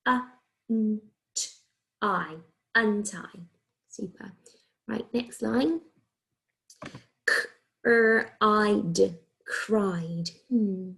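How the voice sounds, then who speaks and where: English woman, primary teacher, phonics lesson, slow careful delivery, gravelly voice. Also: medium pitch, a bit bright. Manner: slow, clear, encouraging teacher talk, sounding out letters. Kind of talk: phonics lesson for young children. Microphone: recorded video lesson.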